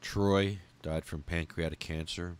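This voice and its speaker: Man, very deep voice, podcast host, emotional memorial list, angry and profane. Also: fairly even intonation, clean tone. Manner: heartfelt, angry and profane, with halting pauses.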